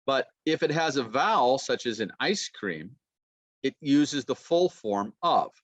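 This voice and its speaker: A man teaching a pronunciation lesson, modeling phrases slowly and repeating sounds. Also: mid-range voice, expressive, no room sound. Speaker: university lecturer.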